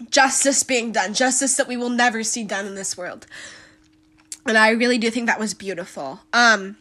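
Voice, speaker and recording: Woman podcast host, solo commentary, blunt and opinionated, bright and forceful tone, slightly high.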